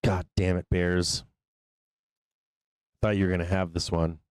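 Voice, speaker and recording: A man's voice: sits low, little pitch movement, a little slow, a little mellow, slight background noise. Swearing, laughing male trading host. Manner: profane, laughing, playfully mocking. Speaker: live trading stream host. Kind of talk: casual live market commentary.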